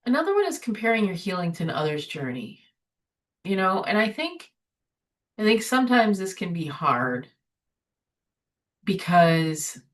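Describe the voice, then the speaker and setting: Lower-voiced woman hosting a webinar. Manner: conversational, often tags "right?" and "you know". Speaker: recovery webinar host. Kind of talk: informal spiritual webinar talk. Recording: voice somewhat distant from the mic.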